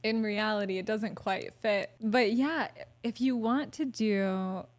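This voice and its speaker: A woman's voice: mid-range voice, slow pace. A woman guest on a podcast, talking candidly and animatedly, swearing now and then and acting out her own thoughts. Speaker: podcast guest, hypnotherapy practitioner. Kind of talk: casual podcast conversation.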